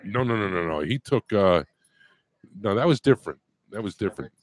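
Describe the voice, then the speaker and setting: A man's voice: fairly low pitch, lively intonation, brisk, no echo. A man co-hosting a podcast at an event, talking loosely and joking with some swearing. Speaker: podcast co-host. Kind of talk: casual chat.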